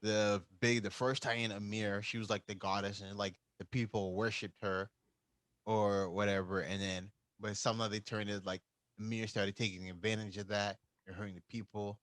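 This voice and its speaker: A man's voice: lowish voice, flat delivery, normal speed, fairly bright tone, no echo, low-quality recording. A man co-hosting a podcast, casually recapping an anime plot and acting out the characters' lines. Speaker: podcast co-host.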